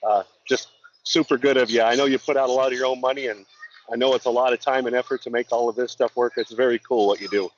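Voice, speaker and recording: A man's voice: mid-range voice, steady tone, fast talker. Earnest man on a dull call line. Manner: earnest, repeats words as he talks. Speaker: guest, law enforcement officer. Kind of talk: casual chat. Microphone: remote call-in. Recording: slightly dull call audio with faint noise.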